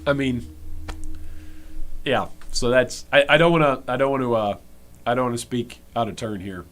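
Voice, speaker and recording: A man's voice: medium pitch, normal speed. Rambling American man streaming to chat. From United States. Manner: rambling, repeats words as he restarts thoughts; talks directly to his chat. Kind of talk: live-stream commentary on game patch notes.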